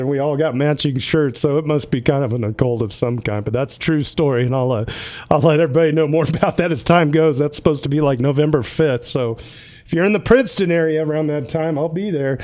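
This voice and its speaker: A man's voice: fairly high pitch, darkish tone. Chatty upbeat male livestream host. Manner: upbeat, chatty, reads names and announcements quickly. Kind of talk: casual livestream hosting.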